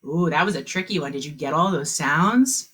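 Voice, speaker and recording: A woman teaching a kindergarten phonics lesson on a video call, speaking slowly and encouragingly and stretching out the sounds of words for young children. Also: low voice, a bit bright, slightly rough.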